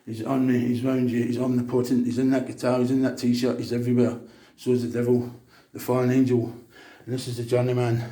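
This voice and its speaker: A man's voice: medium pitch, flat delivery, fairly quick, warm tone, reverberant. A man in a rambling, emphatic, preachy monologue. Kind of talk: casual monologue.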